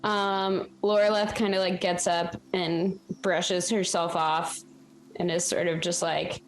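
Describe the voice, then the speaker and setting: A woman's voice: fairly low pitch, little pitch movement, slow pace, a little hiss or hum. Woman player at a tabletop game, kinda hesitant, asks a lot, unsure. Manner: hesitant, apologetic, questioning.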